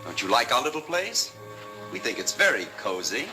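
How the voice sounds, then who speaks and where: An actor playing Batman as a calm, dry, menacing adult hero, in the style of 1940s film serial acting, with music underneath from an old film soundtrack. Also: medium pitch, normal speed, lightly acted. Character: Batman, stern cool adult male hero.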